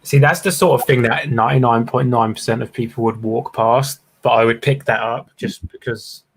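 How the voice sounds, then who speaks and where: A man's voice: mid-range voice, fairly even intonation, normal speed, a little hiss or hum. Curious British man in casual chat. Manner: chatty, curious, asks lots of questions.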